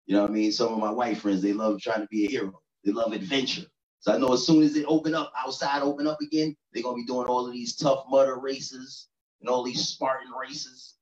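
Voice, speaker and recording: A man's voice: mid-range voice, darkish tone, far from the mic. Man doing stand-up comedy in an echoey room. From New York City. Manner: conversational, keeps asking "you know what I'm saying". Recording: roomy echo, dull lo-fi sound.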